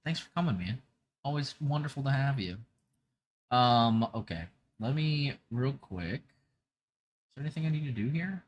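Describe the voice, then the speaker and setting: A man's voice: mid-range voice, animated, a little slow, long pauses, lo-fi sound. A young man chatting casually on a gaming livestream into a desk mic, upbeat and full of fillers. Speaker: VTuber streamer.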